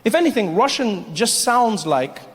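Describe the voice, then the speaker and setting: Male comic, high and lively, performing in a big echoey theater. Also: a little slow, a little hiss or hum. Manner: animated, acts out voices. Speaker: stand-up comedian. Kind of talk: stand-up comedy. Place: large live theater. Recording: echoey hall, faint crowd.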